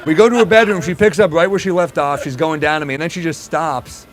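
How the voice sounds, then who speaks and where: A man doing stand-up, telling a story on stage and acting out the voices of the people in it. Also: a little high. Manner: quick asides, acts out quoted voices. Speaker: stand-up comedian. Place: stage before a live audience. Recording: live show with crowd noise.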